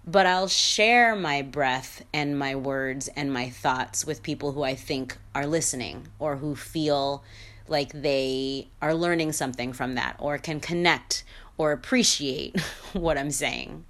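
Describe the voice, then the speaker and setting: Low-voiced woman hosting a candid podcast. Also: takes it slowly, a bit bright. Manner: candid and opinionated, with frequent fillers and restarts. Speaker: podcast host. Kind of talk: solo podcast monologue.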